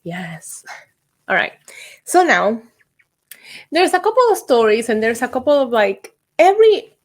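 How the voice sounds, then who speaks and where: A young woman from Puerto Rico hosting her own vlog, chatting and telling a spooky story in an excitable way, with ums and asides. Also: fairly high pitch, moderate pace. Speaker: YouTube host.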